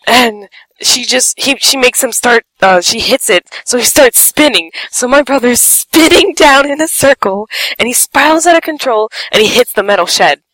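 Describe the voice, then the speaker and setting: A woman tells a personal story with lively, animated delivery, her fairly high voice swooping up and down as she acts out each moment. She giggles between lines, and the sound is close and dry. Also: normal speed, no echo, poor audio. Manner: animated, acts out quotes with squeals and shouts. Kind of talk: casual anecdote.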